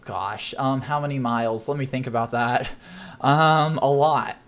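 A man's voice: mid-range voice, unhurried. A man narrating as game master of a tabletop game, chatty and rambling with frequent laughs.

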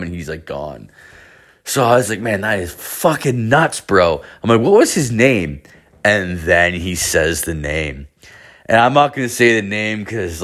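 A young man with a low voice tells a long, swear-filled story in a loose, rambling way. He keeps saying "like" and acts out what his friends said, all in a casual monologue. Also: fairly bright tone. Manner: profane, rambling, heavy filler words. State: hungover.

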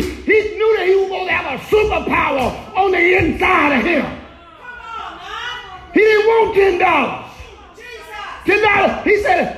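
A male pastor preaching a sermon in a church, shouting often and calling for the congregation to respond. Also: very high-pitched, reverberant, poor audio.

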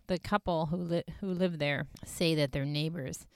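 A woman's voice: low-pitched, moderate pace, hardly any pauses, no echo. A woman casually recapping a ghost-hunting episode as a podcast host, chatty and full of fillers. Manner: chatty, filler-heavy retelling with frequent "like". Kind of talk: casual chat.

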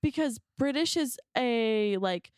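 A woman's voice: on the high side, lively intonation, takes it slowly, a little mellow, smooth, no room sound. Podcast co-host, woman, loose rambling chat with lots of fillers, dry close sound. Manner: rambling, hesitant, many fillers and restarts. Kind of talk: casual chat.

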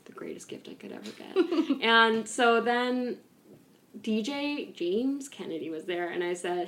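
A woman's voice: medium pitch, moderate pace, echoey room. A young woman co-hosting a podcast, chatting casually and giggling through gossip with lots of fillers. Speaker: podcast co-host.

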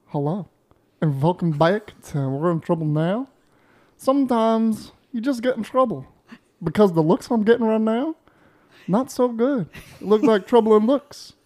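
A man putting on a smooth, seductive show-host voice in a comic improvised bit, with a slow and suggestive delivery. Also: sits high, warm tone, voice pushed up, lightly acted. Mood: sultry.

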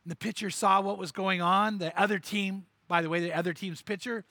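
A man's voice: high-pitched, steady tone, fairly quick, pushed and bright, no echo. A man preaching a sermon and telling a story, acting out the characters' lines with animation and repeating words as he goes.

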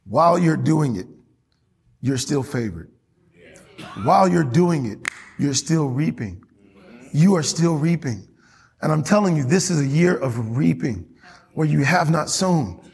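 Husky-voiced man preaching in a reverberant church. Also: a little high. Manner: animated preaching with frequent laughs and rising emphasis. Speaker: pastor. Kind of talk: sermon. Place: church sanctuary. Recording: long hall reverb.

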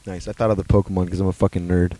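A man's voice: sits low, very fast, no room sound. A man co-hosting a podcast in casual chat, swearing constantly and laughing often. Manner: profane, excitable, laughs often. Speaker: podcast co-host.

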